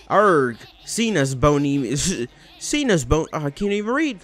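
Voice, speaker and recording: A young man rambling excitably and swearing as he comments on a video game. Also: on the high side, measured pace, faint music behind. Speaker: let's play gamer. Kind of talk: casual gameplay commentary.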